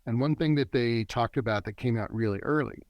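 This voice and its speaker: A man's voice: medium pitch, darkish tone, no echo. A middle-aged man, a men's work facilitator, talking as a guest in a reflective interview in an earnest, teaching tone. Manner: earnest, teaching tone that speeds up and slows down. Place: a warm, quiet spot with a generator running nearby.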